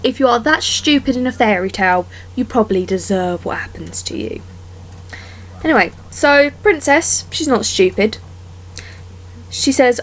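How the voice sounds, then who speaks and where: Young woman, sarcastic sweary storyteller, higher pitch, slow deliberate pace. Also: a bit bright. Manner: exasperated, sweary, mocking. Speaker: vlogger.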